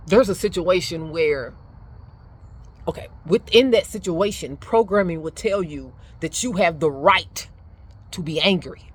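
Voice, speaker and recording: A middle-aged woman giving life advice in a casual motivational talk, emphatic and animated, laughing often. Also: fairly low pitch, unhurried, breathy edge. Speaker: speaker sharing life advice.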